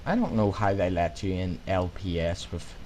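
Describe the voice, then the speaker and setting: A man's voice: low-pitched, lively intonation, normal speed, darkish tone, slight background noise. A man with an Irish accent arguing heatedly in a voice chat, swearing and exasperated. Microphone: voice chat microphone.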